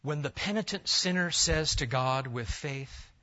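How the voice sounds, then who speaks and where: A pastor preaching a sermon, swinging between loud emphatic bursts and hushed, near-whispered lines. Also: male voice, fairly high pitch, measured pace. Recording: dull lo-fi church recording.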